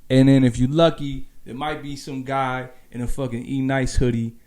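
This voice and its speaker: A man from the Bronx talks as a rapper guest. He is laid-back and casual, swearing as he goes. His voice sits at an ordinary pitch for a man. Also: flat delivery, moderate pace, darkish tone. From the Bronx, New York. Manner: laid-back, laughing and profane. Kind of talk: casual chat.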